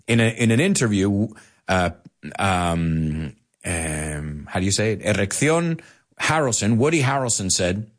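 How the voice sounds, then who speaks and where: A man teaching English to Spanish speakers, animated, explaining and repeating words as he goes. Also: fairly low pitch, a little slow. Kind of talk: bilingual language lesson.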